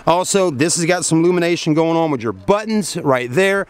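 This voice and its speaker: A man's voice: on the high side, fairly quick, smooth. A man gives a chatty, folksy car review outdoors at a dealership at night and then inside the car, talking to his viewers as folks and sounding hot and tired after a long day. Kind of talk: casual walkaround car review.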